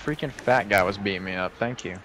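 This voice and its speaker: A young man chatting excitedly with his squad while gaming, yelping and pleading in rapid repeats. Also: lowish voice, crowd noise. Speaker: streamer playing with his squad.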